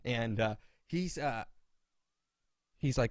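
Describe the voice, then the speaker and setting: A man's voice: a little high, fairly quick, dry recording, studio quality. A man co-hosting a podcast in casual chat, telling stories with indignation and acting out what people said. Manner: animated, indignant storyteller who acts out quotes. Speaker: podcast co-host.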